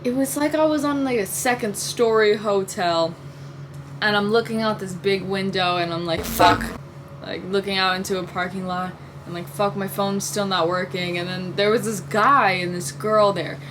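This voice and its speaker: A woman's voice: mid-range voice, moderate pace, background noise. A young woman vlogger telling a long dream story and musing aloud, full of "like" fillers and casual swearing.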